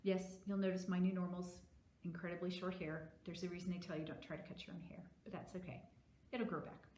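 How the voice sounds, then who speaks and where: A woman librarian reading a story aloud to children, animated and asking them questions. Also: on the low side, brisk, a little hiss or hum. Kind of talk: virtual children's story time. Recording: echoey room.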